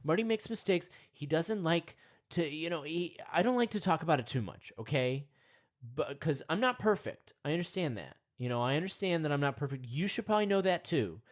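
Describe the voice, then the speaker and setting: A young man rambles through a comic meditation monologue at a slightly fast clip, often talking to himself and jumping into high, excited voices.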